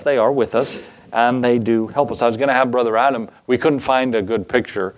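A male pastor preaching a sermon in a casual, folksy way, with asides and chuckles. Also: medium pitch.

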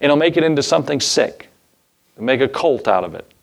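A man's voice: medium pitch, animated, brisk, gravelly. A male pastor preaching a sermon in a casual, folksy way, with asides and chuckles.

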